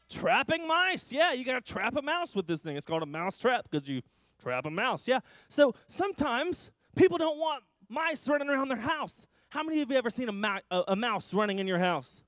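A man leading a children's church lesson, telling stories to the kids with animated, exaggerated delivery. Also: sits high, dry recording, clean studio sound. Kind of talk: children's sermon.

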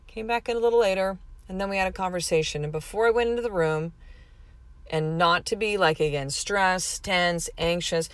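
A woman's voice: fairly low pitch, moderate pace, clean tone, dry recording. A woman hosting her own podcast, telling a family story in a candid, chatty way with many fillers. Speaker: podcast host and mother. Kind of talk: casual podcast monologue.

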